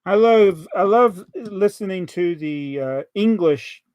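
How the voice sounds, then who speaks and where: A man's voice: sits high, expressive, slow pace, a little mellow, dry recording. A man with a Southern American accent, chatting casually on a live stream as he builds a toy set, joking and reading out viewer comments. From Southern United States.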